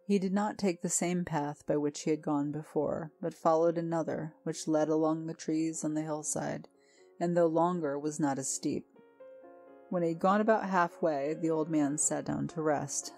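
A woman narrating a storybook tale in a calm, measured reading. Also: low-pitched, creaky. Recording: faint music behind.

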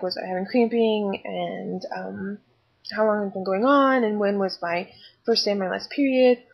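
This vlogger, a weary, open woman in her twenties, talks chattily about her pregnancy into her laptop webcam, filling it with asides and fillers. Her mid-range voice has a slight roughness, and the recording quality is rough too.

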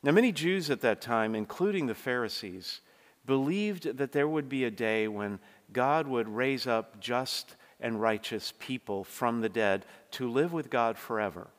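A man preaching a sermon as pastor, earnest, moving between hushed passages and forceful climaxes. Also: mid-range voice, expressive, measured pace. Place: church. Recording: church hall reverb.

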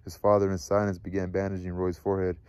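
A man reading a novel aloud in a measured, even storytelling manner. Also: sits low, smooth, no echo. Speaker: reader.

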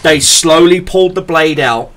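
A young man, a podcast host telling stories in casual chat, profane and animated, acting out the people he quotes. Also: fairly high pitch, moderate pace.

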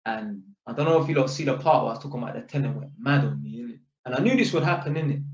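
A man's voice: mid-range voice, lively intonation, very fast, hardly any pauses. A young man with a London accent telling a casual story about his work, in street slang with constant tag questions. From Britain. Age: young adult. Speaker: vlogger. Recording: roomy, slightly dull sound.

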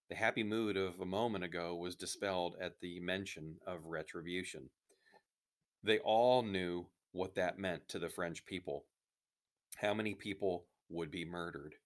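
Low-voiced male reader, steady storybook narration for kids. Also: a little slow. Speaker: reader of a children's novel. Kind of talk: reading a story aloud.

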